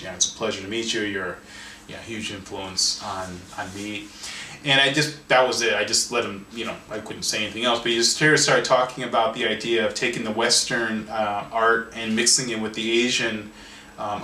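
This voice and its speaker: A man, an artist and author, telling a story in an interview in an animated way, often restarting and repeating words. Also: medium pitch, slight background noise. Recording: roomy sound from a distance, faint ambience.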